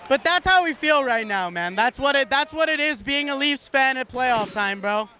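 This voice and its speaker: Man, very high pitch, bright tone, laid-back interviewer, outdoors in a city. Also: expressive, moderate pace, clear, resonant tone. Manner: laid-back, says buddy and bro. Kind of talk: casual comedic interview.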